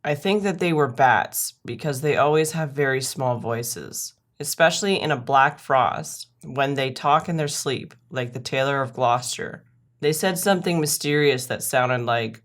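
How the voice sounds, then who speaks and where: A woman reading a classic children's story aloud, gentle and expressive, lifting her voice into sing-song for the rhymes. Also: very deep voice, measured pace.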